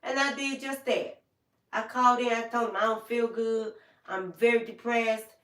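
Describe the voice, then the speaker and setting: A woman's voice: fairly high pitch, steady tone, moderate pace, a bit bright, roomy sound, far from the mic. An older woman hosting a livestream, talking in a folksy, heartfelt way and speaking straight to her viewers by name. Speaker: livestream host. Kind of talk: casual livestream chat with viewers.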